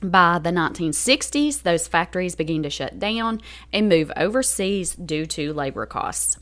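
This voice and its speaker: A woman's voice: fairly low pitch, lively intonation, a bit bright. A woman hosting a podcast, reading a true crime story from a script and stopping to explain details to her co-host. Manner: reads a script, pauses to explain.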